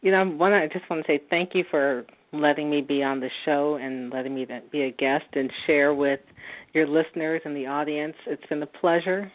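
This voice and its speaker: A woman reads for a caller, her tone gentle and reassuring, with easy laughter. Her voice comes through a thin, tinny phone line. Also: low-pitched. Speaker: psychic guest giving a reading. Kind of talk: phone-in psychic reading and chat.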